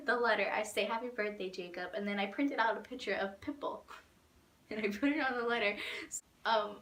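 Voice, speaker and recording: A woman's voice: medium pitch, echoey room. A young woman vlogger telling a long, rambling fan story in casual chat, full of "like" and acted-out quotes. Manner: rambling, animated, many "like"s and laughs.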